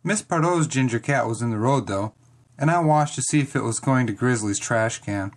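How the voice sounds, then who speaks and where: Kids chapter book read aloud, super animated, mid pitched, plays up the drama. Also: moderate pace. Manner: expressive, dramatic storytelling. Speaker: audiobook reader. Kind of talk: children's chapter book reading, first person.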